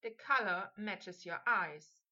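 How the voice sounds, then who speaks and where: A woman's voice: mid-range voice, takes it slowly, bright, forceful tone, dull audio. A woman voicing Draco, a snappish teen wizard. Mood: soft. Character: teenage boy wizard, sharp-tongued, impatient. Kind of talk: audiobook fan fiction reading.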